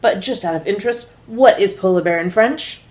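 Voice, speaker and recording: A woman reading the part of a sly, smooth-talking male airline first officer in a casual script read-through, in a teasing, mock-formal announcer tone. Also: medium pitch, brisk, darkish tone, close to an everyday voice.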